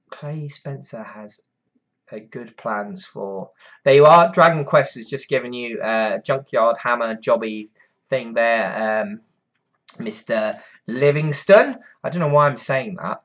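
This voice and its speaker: A man's voice: mid-range voice, a bit bright. A man, chatting casually on a live stream, reading out viewer comments and rambling through answers.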